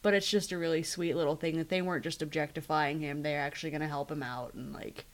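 A woman's voice: low voice, steady tone, fast. A woman co-hosting a casual podcast, recapping TV episodes and acting out characters' quoted lines as she retells scenes. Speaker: podcast co-host.

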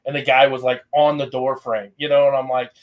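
A man hosting a podcast in casual chat, animated and acting out his reactions. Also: medium pitch, fairly quick, narrow, tinny audio. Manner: animated, acts out yelling at his phone. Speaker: podcast host.

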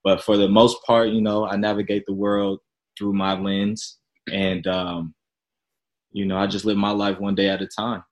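A young man from Chicago, a podcast guest, telling his story in a relaxed, chatty, self-deprecating way. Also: fairly low pitch, normal speed, low-quality recording. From Chicago, Illinois. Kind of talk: casual interview storytelling.

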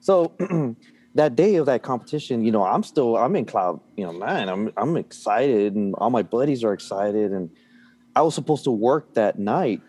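A man telling a workplace story in casual conversation, animated and swearing freely. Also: medium pitch, normal speed. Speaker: guest.

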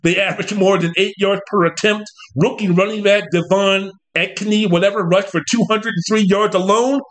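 A man with a fairly high voice hosts a loose sports talk show. He rambles and stays animated, with mocking asides and quick impressions of coaches. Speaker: podcast host. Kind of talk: casual sports talk monologue.

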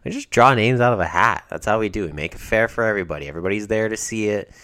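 A man with a very low voice co-hosts a podcast in loose, sarcastic banter full of swearing. He is recorded on a close, dry mic. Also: racing, bright, forceful tone, dry recording. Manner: sarcastic, swearing, wrestling-fan jokes. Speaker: podcast co-host.

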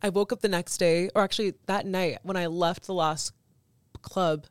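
A woman in her twenties, a podcast guest, telling a story in a casual, animated way with many fillers. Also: on the low side, normal speed, no echo, studio quality. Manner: animated, laughing often, lots of "like".

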